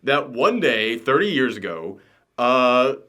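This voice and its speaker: A man hosting a casual review chat, animated and ranting, swearing and laughing as he goes. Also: mid-range voice, slow. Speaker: podcast co-host reviewing a TV show.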